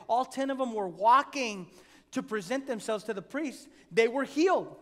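A male pastor delivers an earnest sermon in a noticeably high voice. He drives his points home through repetition and rising emphasis, and his words ring out with a long echo. The recording sounds like a large hall. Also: a bit bright.

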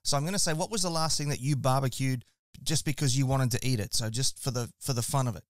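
An Australian man hosts a relaxed podcast chat with a smooth, resonant voice. He sounds friendly and easygoing, calling his guest mate. The recording is close and dry. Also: mid-range voice, fast talker, dry recording. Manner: friendly, chatty, says mate. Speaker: podcast host. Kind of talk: casual interview chat.

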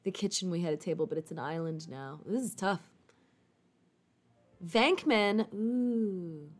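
A woman's voice: deep voice, fast talker, a little mellow, soft background music. A woman streamer chatting casually with viewers, rambling with lots of "like" and casual swearing. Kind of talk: casual chat.

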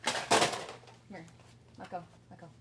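A woman teaching kindergarten in a home video lesson, recorded on a tripod camera. She speaks in a cheerful singsong teacher voice and turns firm when she corrects the children. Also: unhurried. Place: home room with a cluttered floor.

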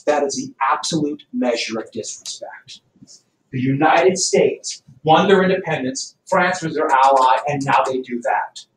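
A man teaching a history class, loud and animated, cracking jokes in a classroom. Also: medium pitch, moderate pace, slight background noise. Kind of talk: classroom lecture. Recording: echoey classroom from far off.

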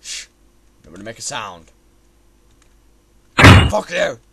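Young man, lively swooping voice, gravelly, frustrated swearing gameplay commentary, loud keyboard clatter behind. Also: mid-range voice, slow, heavy background noise. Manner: frustrated, cursing constantly, shouting at the game. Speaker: gamer playing a platformer. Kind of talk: swearing let's-play commentary.

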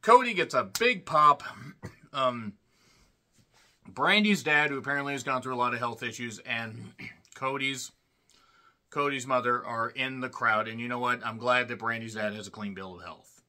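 A man giving a casual solo wrestling review, sarcastic and irreverent, who often clears his throat and breaks into loud bursts. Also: medium pitch, moderate pace, long pauses.

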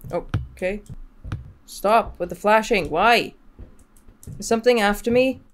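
A woman's voice: mid-range voice, slow. Jittery woman gamer, nervous laughs. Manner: jumpy, nervous laughter, frequent swearing. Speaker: let's play gamer. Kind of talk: horror game commentary.

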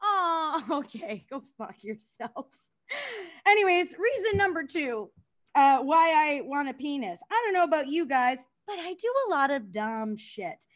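A young woman working a stand-up crowd with a high, bright voice. She is crude and self-deprecating, laughs at her own jokes and banters with the audience between bits. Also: expressive, unhurried. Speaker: stand-up comedian. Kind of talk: stand-up comedy set.

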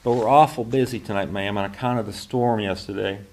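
A man reading the part of a brisk woman phone operator with a twangy, smoker's rasp. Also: on the low side, fairly even intonation, a little mellow, a little hiss or hum, lightly acted.

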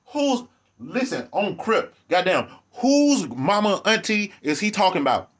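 A man giving ranting vlog commentary, animated, profane and sarcastic. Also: high voice, measured pace.

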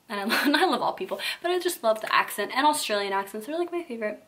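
A woman's voice: a little high, animated, quick pace, a bit bright, rough recording. A young woman beauty vlogger chatting bubbly and gushing, full of fillers, in a casual haul video.

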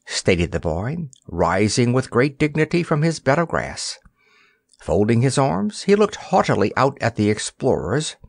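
A man reading a children's fantasy audiobook aloud in an expressive storytelling manner. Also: lowish voice, moderate pace, gravelly, no room sound, studio quality. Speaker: narrator. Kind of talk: audiobook narration.

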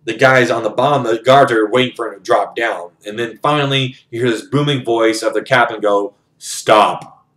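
Young man, casual storyteller; rambling, sweary plot retelling at a mid-range pitch. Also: fairly bright tone. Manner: profane, rambling, conversational. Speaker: book reviewer retelling a novel.

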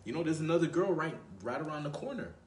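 A man's voice: fairly high pitch, expressive, fast talker. Man with a roomy, distant sound. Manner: conversational, frequent "right?" tag questions; slangy, addresses viewer as bro. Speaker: dating coach. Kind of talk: casual advice monologue. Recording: roomy, voice away from mic.

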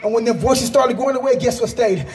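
A man giving an impassioned religious testimony outdoors in a park, often breaking into shouts and repeating himself for emphasis. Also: extremely high pitch, brisk.

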